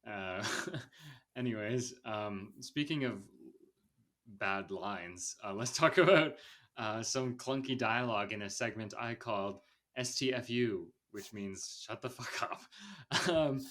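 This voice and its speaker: A man's voice: lowish voice, slow pace, a bit bright. A man hosting a podcast, chatting casually about a movie in a rambling way, laughing often and quoting lines in a raised voice. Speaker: podcast host.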